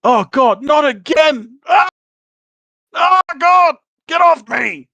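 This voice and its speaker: A man voicing a young male giant who yelps and shouts in panic and pain. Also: extremely high pitch, animated, slow pace, vocal fry, dry recording, pitched above the performer's own voice, full character voice. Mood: panicked. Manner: yelling, panicky, pained.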